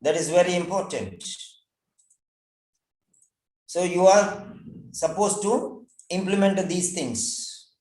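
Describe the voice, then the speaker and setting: Man teaching slowly with emphatic repetition. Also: sits high, expressive, a little mellow, roomy sound, poor audio. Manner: emphatic, repeats key words slowly. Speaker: English exam teacher. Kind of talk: online class lecture.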